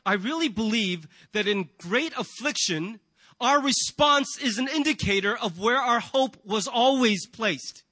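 A man's voice: very high voice, sharp tone, no echo. A man preaching a sermon to a congregation in a church, earnest and emphatic, often asking rhetorical questions. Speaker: pastor.

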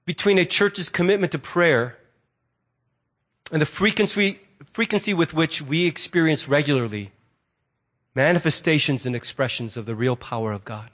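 Animated high-voiced male pastor preaching. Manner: conversational, animated preaching with quoted asides. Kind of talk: sermon.

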